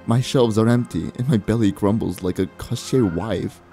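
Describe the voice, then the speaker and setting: Brief: cryptic old crone for a game, read by a man, hushed and mellow-toned, faint music under. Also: fairly low pitch, normal speed, lightly acted. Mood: musing. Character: cryptic old female witch, sly and menacing. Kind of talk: voicing game dialogue.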